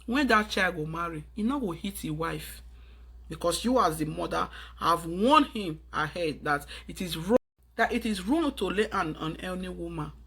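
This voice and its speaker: A woman's voice: on the low side, animated, moderate pace, a bit bright, breathy edge. A Nigerian woman lecturing her viewers in an urgent, preachy tone, slipping into pidgin phrases. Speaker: vlogger giving advice. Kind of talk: earnest advice monologue to camera.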